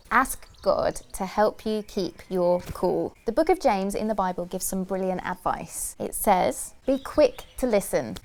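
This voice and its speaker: A woman presenting a scripted children's church talk, asking questions gently and repeating key phrases in rhythm. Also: mid-range voice. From United Kingdom.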